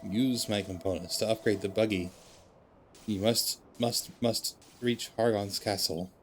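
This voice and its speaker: A man voicing a gentle, self-sacrificing male robot as he reads game dialogue aloud, slow and deliberate, with stuttered repeats. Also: on the low side, steady tone, a little hiss or hum, natural voice. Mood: resigned.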